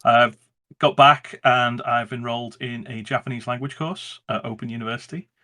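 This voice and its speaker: A man's voice: mid-range voice, fairly even intonation, moderate pace, bright, forceful tone. A man with a Scouse accent, a guest chatting enthusiastically on a podcast. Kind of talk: casual chat.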